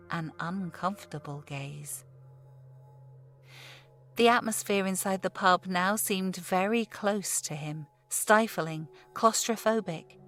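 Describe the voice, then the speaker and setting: A woman narrating a horror audiobook in a measured, steady storytelling voice. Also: fairly low pitch. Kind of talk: scripted narration.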